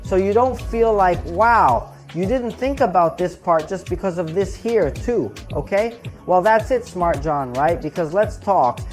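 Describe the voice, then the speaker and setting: Casual rambling episode recap, reviewer says bro a lot, middle pitch, faint music under it. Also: animated, unhurried, few pauses. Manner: rambling, chatty, tags "right?" and "bro". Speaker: show reviewer.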